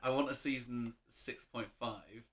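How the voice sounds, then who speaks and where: A man co-hosting a casual chat, enthusiastic, with quick bursts of excitement. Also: mid-range voice. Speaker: podcast co-host.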